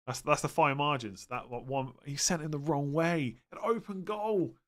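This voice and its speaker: A man hosting a live stream, chatting casually and thinking aloud as he answers viewers' questions. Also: fairly high pitch. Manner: relaxed, thinks aloud with fillers and quick verdicts. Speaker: livestream host answering fantasy football questions.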